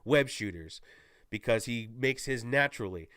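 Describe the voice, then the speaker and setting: A man giving a casual, excited spoiler recap as a movie reviewer, rambling and correcting himself as he goes. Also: mid-range voice, normal speed, clean tone, no echo, clean studio sound.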